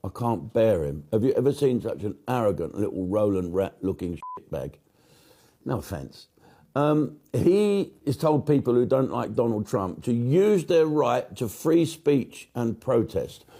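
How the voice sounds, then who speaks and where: A man's voice: mid-range voice, sing-song, unhurried, few pauses, dark tone. A man, a British comedian, ranting to camera in a blunt, sweary, sarcastic way. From Britain. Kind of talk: angry casual monologue.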